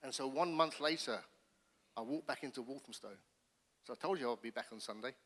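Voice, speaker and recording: A middle-aged man shares his testimony from the pulpit, his voice bright and forceful. He tells the story in an animated way, restarting phrases as he goes. The sound rings out with the long reverb of a church hall. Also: mid-range voice, a little fast. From England. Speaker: pastor. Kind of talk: personal testimony sermon.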